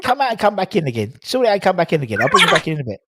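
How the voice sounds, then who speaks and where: A man hosting a fan live-stream, chatting casually about football with callers, often animated and swearing now and then. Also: sits high, very fast, background noise. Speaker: host of a fan live-stream call-in show. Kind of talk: casual chat and football opinion.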